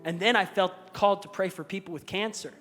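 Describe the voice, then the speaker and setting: A man's voice: high-pitched, brisk, fairly bright tone. A male pastor telling a personal story in an earnest, raw, confessional sermon. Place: church auditorium stage. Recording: echoey hall with music underneath.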